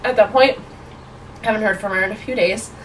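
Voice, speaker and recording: A woman in her twenties, a podcast guest, telling a story in a casual, animated way, full of "like". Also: mid-range voice, brisk, far from the mic, a little hiss or hum, rough recording. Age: 20s. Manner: animated, lots of fillers like "like".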